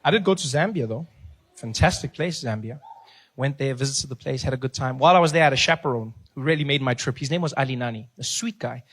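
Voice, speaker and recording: A man from South Africa performing stand-up comedy, telling an animated story full of characters. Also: medium pitch, fast, slightly rough, in a large hall.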